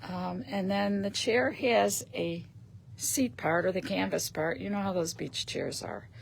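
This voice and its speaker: A woman hosting a live stream, chatting casually as she shows paper craft pieces and often clears her throat. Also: mid-range voice, expressive, unhurried, a little hiss or hum.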